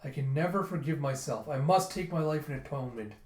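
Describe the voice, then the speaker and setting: A man voicing a gentle, devoted young male dragon warrior, speaking formally and earnestly. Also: fairly high pitch, quick pace, echoey room, lightly acted.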